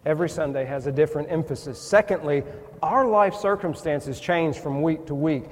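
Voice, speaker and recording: A man's voice: a little high, normal speed, slight background noise. A man preaching a sermon in a church, earnest and folksy, acting out little conversations with churchgoers. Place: church sanctuary. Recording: long reverb in a church hall.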